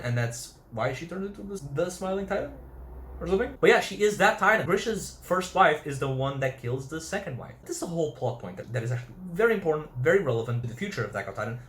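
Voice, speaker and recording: A man with a mid-range voice gives a casual, chatty video review of an anime episode, swearing freely and acting out the characters' lines. The room is echoey and there's a little hiss or hum.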